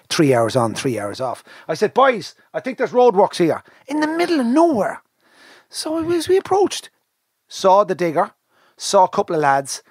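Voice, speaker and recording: An Irish man hosting a podcast, telling a story in a lively, animated way and acting out the people in it. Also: fairly high pitch, no room sound, clean studio sound. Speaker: podcast host. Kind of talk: casual storytelling chat.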